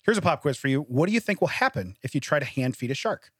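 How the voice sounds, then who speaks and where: A man hosts a casual news-story chat, breaking into laughter between lines. His pitch swings widely as he tells each tale. The recording is dry and close. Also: fast talker, husky, no echo. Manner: laughs often, animated storytelling. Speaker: podcast co-host. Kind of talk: casual chat, reading odd news stories.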